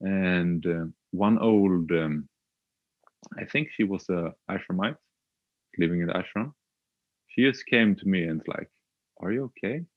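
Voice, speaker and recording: Deep-voiced man, hesitant storytelling. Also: no echo, phone-quality sound. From Sweden. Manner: hesitant, halting, with frequent filler sounds. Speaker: podcast guest. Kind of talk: reflective personal storytelling.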